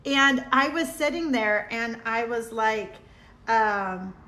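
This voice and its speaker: Middle-aged woman host, fairly high voice, sincere and rambling, phone mic in an echoey room. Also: takes it slowly, pushed and bright, a little hiss or hum. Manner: heartfelt, meandering storytelling while reading out viewer comments. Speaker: livestream host. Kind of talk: casual livestream chat.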